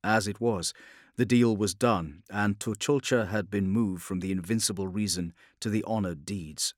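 A man narrating a science fiction audiobook in a measured, grave storytelling manner. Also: on the low side, dry recording, studio quality. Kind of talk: scripted dramatic narration.

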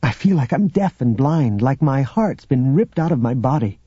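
A man's voice: medium pitch, animated, moderate pace, mellow, breathy edge, no echo. A man reading an audiobook, voicing a young male Jedi who pleads desperately. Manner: pleading, distraught. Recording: dull lo-fi audiobook recording.

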